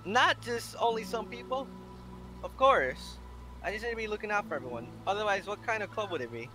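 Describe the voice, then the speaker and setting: A man's voice: sits high, expressive, brisk, over music, pitched above the performer's own voice. A man voicing an upbeat, caring teenage girl who leads a school club, reading her lines earnestly. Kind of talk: reading a visual novel aloud.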